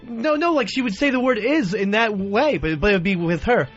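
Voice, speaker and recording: A man with a high voice rants on a radio talk show, getting worked up and indignant. The sound is dull broadcast audio with faint music playing underneath. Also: lively intonation, fairly quick, fairly bright tone. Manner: indignant, ranting, easily worked up. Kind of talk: casual radio banter.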